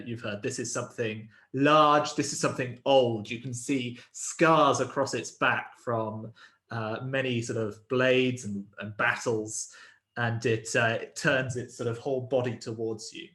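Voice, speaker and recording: A man narrates a tabletop game as its game master, feeling his way through each sentence. He pauses and restarts often, filling gaps with ums. His voice sits at an ordinary middle pitch for a man. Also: fairly bright tone, roomy sound. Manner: hesitant, full of ums and restarts.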